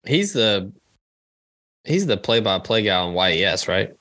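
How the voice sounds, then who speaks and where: Low, bright-voiced man chatting casually. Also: big pitch swings. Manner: joking, swears freely, quick asides. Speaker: podcast co-host. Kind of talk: casual chat.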